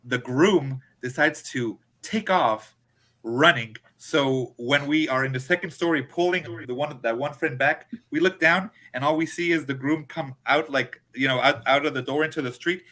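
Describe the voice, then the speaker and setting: A man telling a story in a casual chat, animated, acting out his friends' lines. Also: a little high, moderate pace. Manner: animated, acts out friends' quotes. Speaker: podcast co-host.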